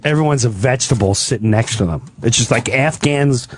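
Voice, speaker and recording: A man's voice: medium pitch, brisk, slight background noise. A man who is a comedian guest, telling a comic story on a talk radio show and often jumping into voices. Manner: animated, jumps into voices.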